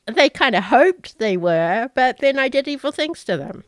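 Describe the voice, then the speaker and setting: A woman game master hosting her stream over an online call, bubbly and playfully bossy, quick to laugh. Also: high-pitched, animated, dry recording, studio quality. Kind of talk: casual stream chat, introducing players.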